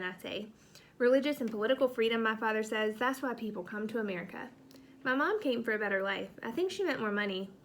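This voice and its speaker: A woman's voice: on the high side, fairly bright tone. A woman teacher reading a novel aloud to her class, lifting her voice a little for the children's dialogue.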